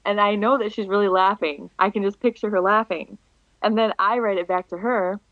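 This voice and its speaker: A young woman in her twenties chatting as a podcast guest, animated and quick to laugh. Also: mid-range voice, no echo. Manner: giggly, animated storyteller, laughs often. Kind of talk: casual podcast chat. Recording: dull lo-fi dry sound.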